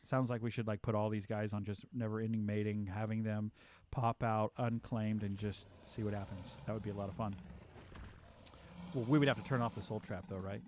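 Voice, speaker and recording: A man's voice: fairly low pitch, steady tone, brisk, a little mellow. A man chatting casually on a live game stream, rambling with lots of fillers.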